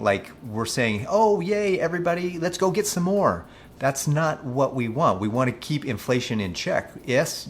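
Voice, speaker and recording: A man's voice: fairly low pitch, a little hiss or hum. A man coaching on personal finance, talking casually and skeptically through news articles and reading figures aloud. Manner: mocking when quoting officials.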